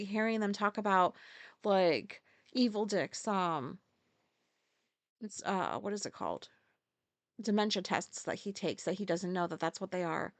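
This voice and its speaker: A woman's voice: mid-range voice, no room sound. A woman hosting a podcast, speaking as a casual solo monologue with profane, exasperated ranting. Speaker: podcast host.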